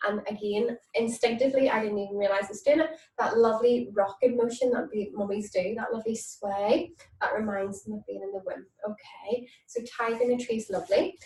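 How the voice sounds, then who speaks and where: A woman leading a mum and baby yoga class, gentle and encouraging, recorded in a room away from the mic. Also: medium pitch, fairly quick. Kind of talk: online yoga class instruction with nursery songs. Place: indoor room, moving around on camera. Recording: echoey room, mic at a distance.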